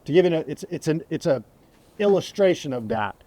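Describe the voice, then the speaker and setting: A man's voice: on the high side, animated, a little fast, warm tone. A middle-aged man who is a sheriff, speaking earnestly in an interview and repeating phrases for emphasis. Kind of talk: podcast interview, testimony.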